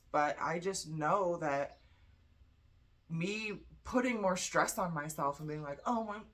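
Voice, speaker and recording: A woman's voice: deep voice, a bit bright. A tired young woman giving a casual tarot reading, chatty and blunt, swearing freely. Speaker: tarot reader.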